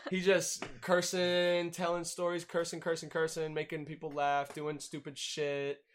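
A man's voice: on the high side, completely flat delivery, unhurried. A young man casually telling a profane, laughing story on a podcast. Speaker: podcast host.

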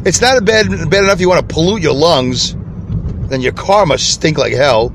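A man's voice: a little high, expressive, normal speed. Rambling man podcasting from his car. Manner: rambling, chatty, easily sidetracked. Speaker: podcast host. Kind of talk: unscripted solo podcast from a car. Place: inside a car. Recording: car interior with traffic noise. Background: traffic and street noise.

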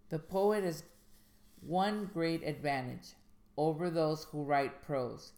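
A woman hosting a podcast on writing craft, reading aloud from a guide in a measured way and then talking it over loosely, with fillers and restarts. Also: sits low, darkish tone. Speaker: podcast host and indie author.

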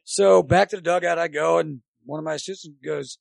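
Gravelly, fairly high male voice, chatty guest spinning animated coaching anecdotes, dry close sound. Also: a little fast, no echo. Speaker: guest, former college baseball coach. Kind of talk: rambling anecdotal storytelling.

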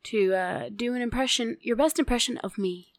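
Female podcast co-host, teasing and giggly, fairly high voice, dry close sound. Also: normal speed, no room sound. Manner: teasing, giggly, swears casually. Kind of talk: casual joking chat.

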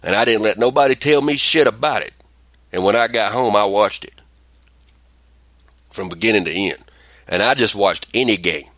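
A man's voice: on the low side, normal speed, long pauses, dry recording. A man hosting a casual podcast chat, ranting and telling stories with plenty of swearing. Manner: profane, ranting, animated storytelling. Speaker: podcast host.

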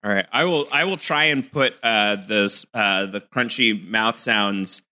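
A man's voice: lowish voice, unhurried, pushed and bright. A man co-hosting a podcast over a video call, chatting casually through a snack taste test and thinking aloud with lots of fillers. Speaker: podcast co-host.

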